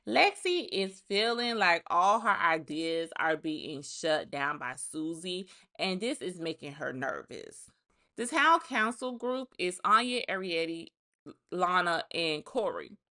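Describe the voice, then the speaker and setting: A woman's voice: on the low side, sharp tone. A woman giving a casual recap of a reality show, talking in a blunt, chatty way, full of profane asides.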